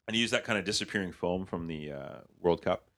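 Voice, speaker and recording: Brief: very low male voice, loose storyteller who swears, quotes people mid-story. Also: fast talker, bright, forceful tone. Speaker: comedy writer and producer. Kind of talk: casual podcast storytelling.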